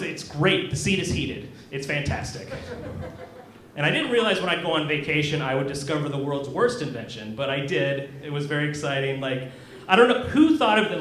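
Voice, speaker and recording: A young man from Kansas works a comedy club crowd with a self-deprecating, awkward delivery full of ums and trailing pauses. His voice sits a bit high for a man. The room is roomy, with faint noise behind him. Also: fairly bright tone. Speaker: stand-up comedian. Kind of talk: stand-up set. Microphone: handheld stage mic. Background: audience laughter.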